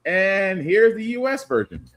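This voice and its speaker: Animated casual podcast man. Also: high voice, measured pace, noisy background. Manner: loose, joking, lively delivery. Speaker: podcast co-host. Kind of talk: casual chat.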